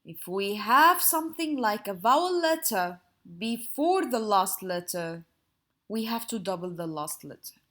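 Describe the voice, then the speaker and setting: A woman teacher giving a slow, patient grammar lesson to young pupils in a sing-song explaining manner. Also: mid-range voice, lively intonation, a bit bright.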